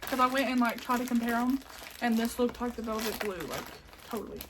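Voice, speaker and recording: At home indoors, a crafting vlogger with a Southern country accent shows off her yarn haul, speaking fairly quickly in a slightly high, flat voice over a noisy background. She rambles chattily, saying "like" a lot and sometimes dropping to a near-whisper.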